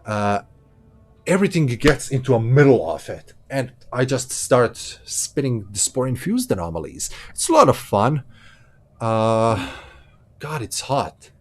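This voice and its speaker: A man's voice: mid-range voice, sing-song, measured pace, a little hiss or hum. A man giving casual, chatty commentary while streaming a space game from a hot room at home, laughing easily and correcting himself. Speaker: gameplay streamer.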